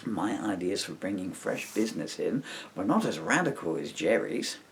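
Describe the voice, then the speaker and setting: A middle-aged man reading his own comic story aloud with wry, deadpan humour. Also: low voice, normal speed, creaky, a little hiss or hum. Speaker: author reading his book.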